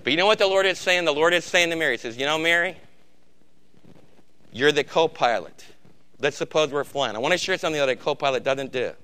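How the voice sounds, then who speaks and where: A middle-aged man preaching to his congregation in a bright, ringing voice that stays clear and smooth. He swings between loud, emphatic bursts and quiet, intense stretches. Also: a little high, fast. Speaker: pastor. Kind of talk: sermon.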